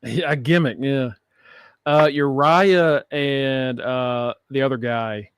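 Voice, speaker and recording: A man hosting a casual podcast, recapping wrestling with animated, profane storytelling and frequent laughter. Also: medium pitch, slow pace, smooth, no echo, clean studio sound. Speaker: podcast host.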